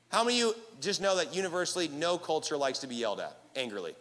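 A young man preaching a sermon to his congregation, with animated, playful asides to the crowd. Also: fairly high pitch, fast talker. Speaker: pastor. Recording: reverberant hall.

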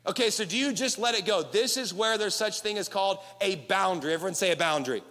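A young man preaching a sermon to his congregation, with animated, playful asides to the crowd. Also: high-pitched, fast. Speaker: pastor. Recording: reverberant hall.

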